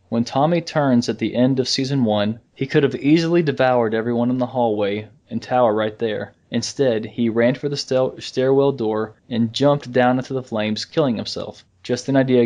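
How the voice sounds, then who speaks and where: A man co-hosting a casual fan podcast, rambling in a relaxed way, with restarts and chuckles. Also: mid-range voice. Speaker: podcast co-host.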